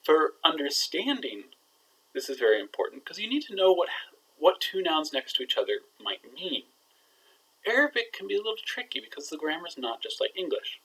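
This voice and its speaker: Man teaching an animated lesson. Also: fairly high pitch, brisk, breathy edge, rough recording. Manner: playful, builds suspense with rising energy. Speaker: Arabic teacher. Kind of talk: recorded lesson.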